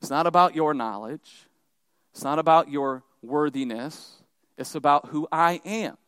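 A man voicing God as a calm, commanding male deity who speaks low and hushed to his prophet. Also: measured pace, smooth, no echo. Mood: solemn, commanding.

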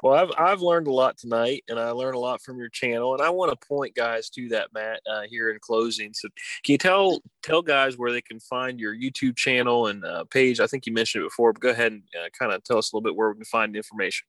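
A man's voice: mid-range voice, fast, a bit bright, dry recording, poor audio. A man hosting a casual interview who gives short affirmations and wraps up the conversation. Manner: brief affirmations, wraps up the talk. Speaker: podcast host.

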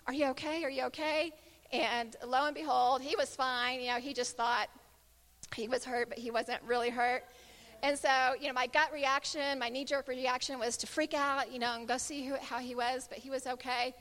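A long reverb tail trails the high voice of a middle-aged woman preaching at a normal speed. Her Christian talk recounts a personal story with animation, and she acts out the voices of those in it.

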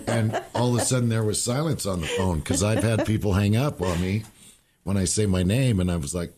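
A man's voice: low voice, expressive, normal speed, a little mellow. A man as a podcast guest, telling rambling, emotional stories in a folksy, casual way. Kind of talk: casual storytelling chat.

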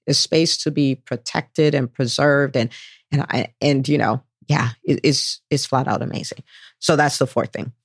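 A woman's voice: sits low, no echo. Gushing woman podcast host, dry close sound. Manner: enthusiastic, gushing, acts out quoted people. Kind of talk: solo podcast monologue.

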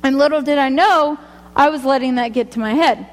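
A woman's voice: high voice, fairly quick, long reverb tail, a little hiss or hum. A woman sharing a personal faith testimony, rambling and chatty, often laughing at herself. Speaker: speaker giving a testimony.

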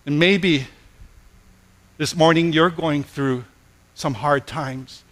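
A male pastor delivers a sermon at an unhurried, deliberate pace. His voice is bright and slightly high for a man. He tells his stories with drama and softens to a gentle hush for the lines that matter most. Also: fairly even intonation. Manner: slow, gentle and hushed on key phrases.

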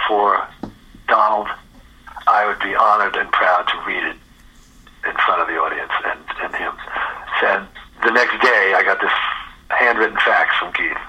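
A very bright, strongly husky older man, a guest musician on a radio show. He tells lively stories and acts out each line of dialogue, swearing freely and laughing often. His voice sits fairly low. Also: rough recording. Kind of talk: storytelling interview chat. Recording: radio interview recording.

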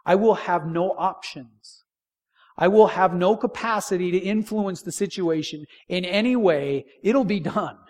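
Man, middle-aged, pastor, sermon in church, emphatic repetition, fairly high voice, hushed emphasis. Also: unhurried. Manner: emphatic, repeats key phrases, drops to a near hush for stress.

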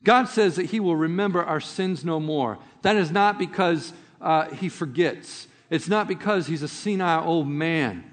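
Male pastor, storytelling sermon voice, high-pitched, hall reverb. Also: moderate pace, hardly any pauses. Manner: storytelling, direct address to listeners.

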